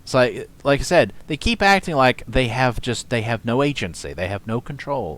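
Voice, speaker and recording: A man hosting casual reaction commentary, rambling, swearing and scoffing between long pauses. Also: medium pitch, wildly swooping pitch, fairly bright tone. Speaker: commentary host.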